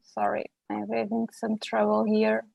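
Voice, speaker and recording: A woman's voice: medium pitch, monotone, unhurried, vocal fry, a little mellow, dry recording. A woman with a Portuguese accent giving a technical presentation on a video call, hesitant with many fillers and restarts. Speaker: presenter at a webinar.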